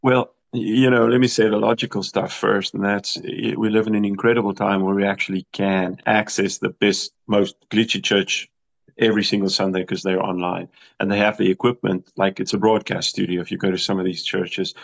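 Gravelly south african guy, lowish voice, talks fast and keen, lots of restarts, kinda american sounding. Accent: South African with some American. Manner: animated, emphatic, thinks aloud with restarts. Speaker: worship producer. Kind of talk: radio interview.

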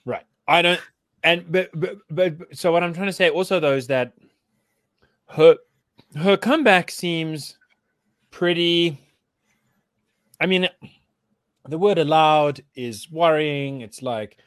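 A man co-hosts a casual chat, talking in a rambling, hesitant way and often restarting his sentences. His voice sits somewhat high for a man. The recording is dry, with no room sound. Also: slow, pauses often, a bit bright, no echo. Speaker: podcast co-host.

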